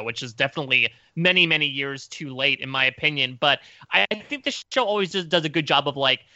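A man's voice: on the high side, pushed and bright, dry recording, highs cut off. A man in a casual podcast discussion, giving his opinion with frequent "sort of" hedges. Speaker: podcast panelist.

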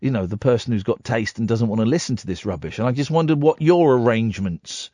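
A man hosting a late-night radio phone-in, animated, jokey and teasing. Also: medium pitch, fast talker, dry recording. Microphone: studio microphone.

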